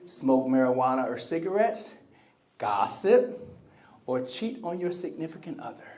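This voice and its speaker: A man giving a live motivational keynote speech in a convention center hall. He talks with energy and keeps prompting the crowd to answer him. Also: medium pitch. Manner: energetic, call-and-response with the crowd; acts out quoted voices. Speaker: motivational speaker.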